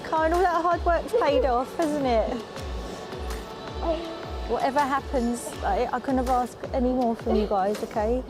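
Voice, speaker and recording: A woman's voice: high-pitched, a little slow. A woman skating coach at the rink, talking to her skater in a reassuring, encouraging way. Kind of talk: rinkside coaching. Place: indoor ice rink. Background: loud arena music.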